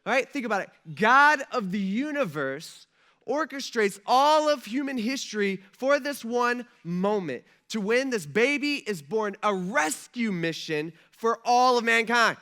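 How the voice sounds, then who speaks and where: A male pastor delivering a sermon in a casual, animated style. His voice is high and bright and ringing, and he talks to the congregation like friends, with plenty of fillers. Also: measured pace. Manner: conversational and animated, with many fillers.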